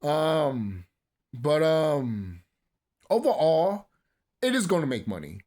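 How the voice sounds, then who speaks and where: A man's voice: a little high, sing-song, slow, darkish tone. A man in his thirties ranting casually as a movie commentary vlogger, profane and rambling, breaking into bursts of laughter. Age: 30s. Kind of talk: casual rant.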